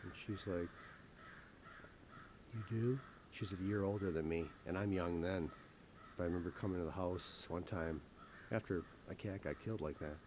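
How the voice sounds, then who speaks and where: A man from Wisconsin, host of a hunting show, telling a casual story outdoors in the woods in a rambling, halting way with many restarts. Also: deep voice, steady tone, background noise.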